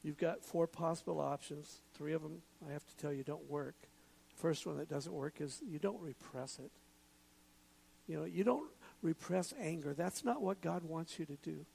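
A man giving a sermon in a relaxed, conversational way, with jokes and asides. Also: fairly high pitch, normal speed, vocal fry, husky, low-quality recording. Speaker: pastor.

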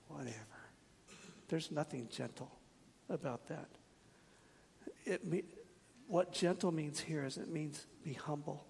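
A man's voice: on the high side, creaky, darkish tone, slightly rough, long reverb tail. A man preaching a sermon in an earnest, direct way, asking his congregation questions and slipping in wry jokes. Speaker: pastor.

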